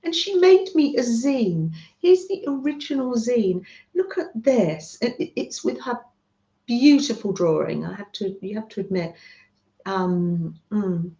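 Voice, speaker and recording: A woman's voice: a little high, lively intonation, a little slow, warm tone. A middle-aged woman from the UK hosting a craft livestream, gushing and chatting with her viewers. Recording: roomy, dull lo-fi home stream audio.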